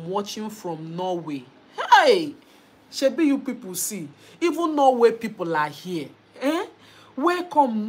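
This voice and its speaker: A young Nigerian woman hosting a casual live stream, lively, reading out viewer comments and mixing in Igbo and Pidgin. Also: medium pitch, husky. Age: young adult.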